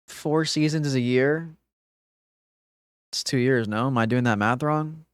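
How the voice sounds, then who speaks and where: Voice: medium pitch, a little slow, smooth, dry recording, studio quality. A game streamer on a livestream, talking back to chat in an exasperated, profane rant.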